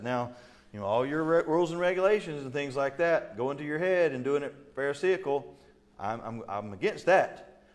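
Animated middle-aged man preaching a sermon. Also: medium pitch. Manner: animated, acts out quotes with laughs and asides. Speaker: pastor. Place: church sanctuary.

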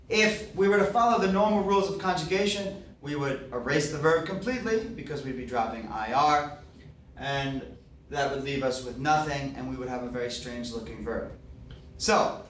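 A man's voice: on the high side, a bit bright. Roomy far-off male teacher. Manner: patient, explanatory, frequent "okay" and "uh". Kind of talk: classroom grammar lecture. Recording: roomy, distant mic, faint background hiss.

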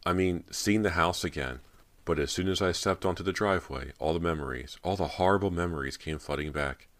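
A man's voice: low-pitched, a little fast, a bit bright. A man voicing a nervous, haunted teenage girl actress, speaking with emotion and a tremble. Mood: anxious.

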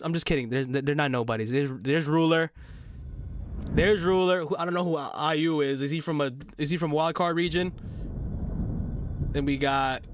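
A man hosting a music video reaction, excitable and quick to shout, with nerdy asides about the game. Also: high-pitched, a little hiss or hum. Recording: loud music playing behind the voice.

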